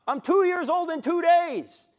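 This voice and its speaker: A man in his sixties giving a live lecture in a university auditorium, an animated storyteller who acts out quotes and jokes. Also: very high voice, measured pace. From New Jersey, USA. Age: 60s. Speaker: Christian apologetics speaker.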